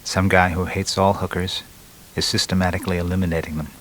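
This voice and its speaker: A man's voice: low voice, level tone, quick pace, a bit bright, a little hiss or hum, poor audio. A man doing a sardonic joking killer. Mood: mocking. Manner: mocking, wisecracking inner monologue. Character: gleeful male serial killer, sardonic, joking.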